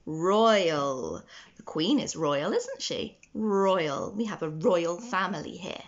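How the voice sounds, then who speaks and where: A woman teaches phonics to young children. She speaks slowly, breaks each word into separate sounds, and gives frequent praise. The recording sounds a little dull and lo-fi. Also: lowish voice, animated. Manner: slow, sounding out words letter by letter with encouraging praise.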